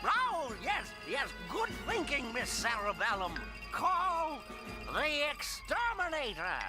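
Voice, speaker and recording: An actor voicing a bumbling, excitable male cartoon mayor with a high, squeaky voice in a flustered, eager manner. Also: slow, heavily acted. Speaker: cartoon character. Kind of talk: cartoon voice acting. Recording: cartoon clip over loud music.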